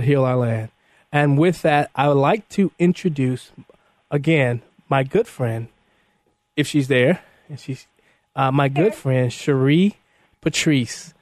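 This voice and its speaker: A man hosting a radio talk show, chatting in an animated way, often repeating words and restarting. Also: mid-range voice, no echo. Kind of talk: casual radio chat.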